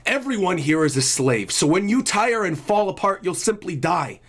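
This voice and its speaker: A hulking tyrant dragon warlord, as a man puts him on while reading a manga aloud, slow and deliberate, dropping his voice into a low, drawn-out growl. He sounds menacing and sure of his power. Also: lively intonation, fairly bright tone. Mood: tyrannical.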